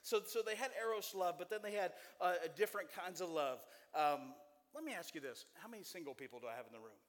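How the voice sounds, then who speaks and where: High-voiced preacher guy in his 40s, jokey and folksy, big church echo. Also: fast. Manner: folksy, joking, animated preaching. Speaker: pastor. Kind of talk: sermon. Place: church sanctuary with congregation.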